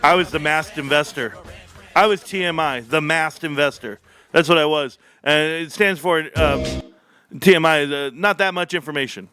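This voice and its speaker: A man hosting a stock market livestream, talking in an excitable, joking, rambling rant. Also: a little high, no room sound, studio quality. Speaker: stock market stream host.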